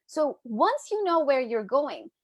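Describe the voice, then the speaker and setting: Bubbly high-voiced woman business coach. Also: a little slow, no room sound, lo-fi sound. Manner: energetic, playful, acts out little voices. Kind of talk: live coaching talk to a group.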